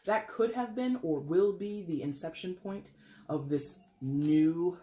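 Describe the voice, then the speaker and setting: A tarot reader talking through a casual reading in a blunt, emphatic way. The voice jumps up high to stress a point, and the speaker laughs often and swears casually. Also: slow. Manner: animated, leaps in pitch for emphasis.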